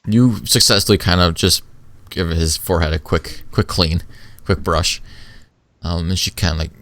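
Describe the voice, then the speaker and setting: Man, game master, deep voice, casual rambling narration, dry close sound. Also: normal speed, a bit bright, no room sound. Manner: casual, filler-heavy narration.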